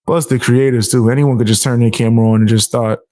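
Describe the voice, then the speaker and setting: A man's voice: medium pitch, steady tone, fast talker, warm tone. A man hosting a casual interview, brash and self-assured, swearing freely. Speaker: host.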